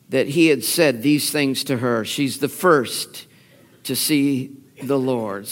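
A man preaching a sermon, telling the story with feeling and acting out the quoted lines. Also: medium pitch. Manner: animated storytelling, acts out quotes, laughs. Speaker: pastor. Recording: long reverb of a large hall.

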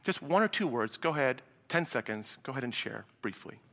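A man preaching a sermon to a live congregation, animated, acting out dialogue and swinging from loud to hushed. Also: medium pitch, brisk, gravelly. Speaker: pastor. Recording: reverberant hall sound.

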